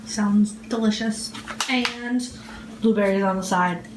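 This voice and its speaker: A woman's voice: medium pitch, slow pace, echoey room, noisy background. A woman chatting casually in a home kitchen, telling stories and laughing as she goes. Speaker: vlogger. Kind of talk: casual chat.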